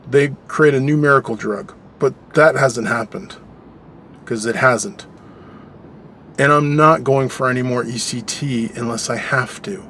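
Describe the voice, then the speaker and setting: A man's voice: medium pitch, a little hiss or hum. Man, vlogger, frustrated rant, volume swings between outbursts and mutters, mid-range voice. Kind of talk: personal vlog monologue.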